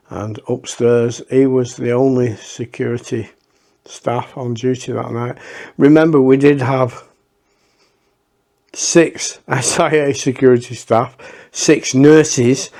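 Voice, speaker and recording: A man's voice: medium pitch, darkish tone. Rambling, profane man. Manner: rambling and profane, with many restarts. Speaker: storyteller. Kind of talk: casual anecdote.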